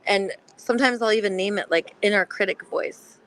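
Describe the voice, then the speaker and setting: A woman's voice: medium pitch, fairly quick, a bit bright, a little hiss or hum, poor audio. A woman talking earnestly in a casual heart-to-heart chat, sharing personal experience and acting out inner voices.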